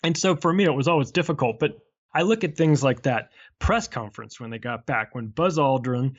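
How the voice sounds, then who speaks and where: A man who is an author and podcast guest, talking in a chatty, animated way and acting out small exchanges. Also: medium pitch, brisk, muffled recording. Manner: chatty and animated, acts out little dialogues. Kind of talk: casual conversational interview.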